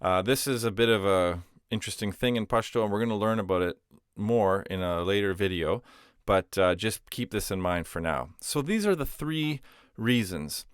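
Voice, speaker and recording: A man's voice: on the low side, expressive, normal speed, clean tone, dry recording, studio quality. A man teaching a language lesson, explaining patiently with simple everyday comparisons. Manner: patient, uses simple analogies.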